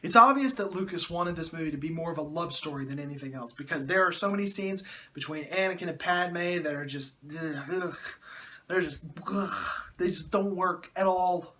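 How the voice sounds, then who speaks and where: A man's voice: fairly high pitch, a little fast, bright, forceful tone. A man reviewing a movie in a sarcastic, exasperated way, often groaning and mocking the dialogue.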